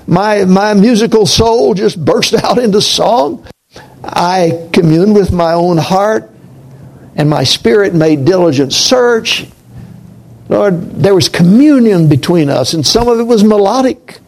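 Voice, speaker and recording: Male preacher, gravelly and unhurried, reflective sermon delivery that sinks to a near-hush. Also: high voice, expressive, poor audio. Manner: slow, reflective, drops to a hush on key points.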